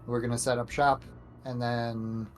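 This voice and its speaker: A player at a tabletop game, laying out plans in casual, deliberate talk. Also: mid-range voice, level tone. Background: background music.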